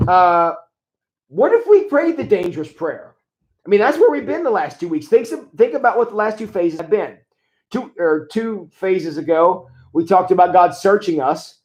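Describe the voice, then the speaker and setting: A man talking as a pastor on a livestream, conversational and animated, reading viewer comments and acting out mock prayers. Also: sits high, normal speed, roomy sound, poor audio.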